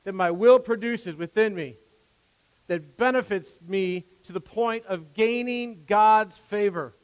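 Preaching from the pulpit of a church sanctuary, a pastor speaks at a measured pace in a high voice that is clear and resonant. His sermon is earnest and conversational, with emphasis that rises and occasional asides, all carried on long hall reverb.

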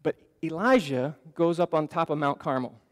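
A man's voice: a little high, moderate pace. A man giving an earnest, conversational sermon as pastor in a church sanctuary, often restarting his phrases. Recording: long reverb of a church hall.

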